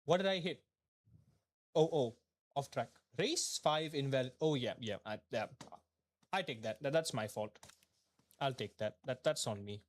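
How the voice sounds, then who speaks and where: A man's voice: mid-range voice, unhurried, long pauses. A young man, streaming a sim race and venting aloud in repeated questions and mumbled asides. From Malaysia. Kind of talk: live gaming stream commentary.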